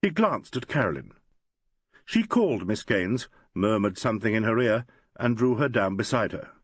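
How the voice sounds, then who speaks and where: Expressive male audiobook narrator. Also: lowish voice, breathy edge, no echo. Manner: measured, expressive storytelling. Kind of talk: scripted narration.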